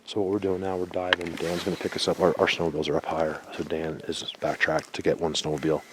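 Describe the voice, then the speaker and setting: A man's voice: very deep voice, little pitch movement, fast talker, noisy background. A man vlogging on foot in a snowy forest, talking insistently and a bit grumpily, out of breath at times. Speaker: Bigfoot researcher vlogger. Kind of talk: casual outdoor vlog talk.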